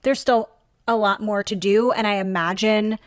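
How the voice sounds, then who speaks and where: A woman therapist co-hosting a podcast, speaking in a thoughtful, analytical, measured way. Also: medium pitch, steady tone, dry recording, studio quality. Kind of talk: casual chat.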